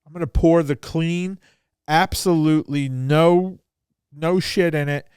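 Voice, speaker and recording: A man's voice: a little high, fairly even intonation, a little slow, darkish tone, clean tone, no echo, clean studio sound. A man hosting a podcast who tells stories casually and bluntly, swearing freely and acting out both sides of a conversation. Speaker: podcast host.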